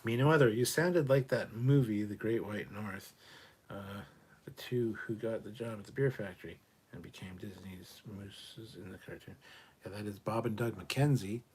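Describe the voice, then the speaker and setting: A man's voice: fairly low pitch, normal speed, darkish tone, slightly rough. A man hosting a casual livestream, reading viewer comments aloud and answering them in an offhand, profane way. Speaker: livestream host reading chat. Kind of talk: casual live chat.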